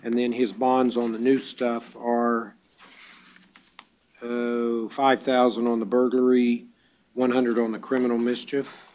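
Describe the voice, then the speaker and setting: A man presiding as judge at a court bond hearing, reading charges briskly and dropping dry wisecracks. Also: mid-range voice, little pitch movement, darkish tone.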